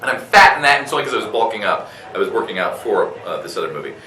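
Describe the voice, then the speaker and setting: Animated, bright-voiced man telling a story. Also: fairly low pitch, racing, roomy sound, distant mic, rough recording. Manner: animated, many fillers and restarts, laughs. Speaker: voice actor guest. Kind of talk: convention interview storytelling. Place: convention room.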